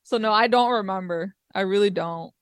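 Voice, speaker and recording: A woman's voice: mid-range voice, moderate pace, clear, resonant tone, dry recording, clean studio sound. A young woman, a podcast guest, chatting casually with laughter and swearing as she tells stories about home. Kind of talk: casual chat.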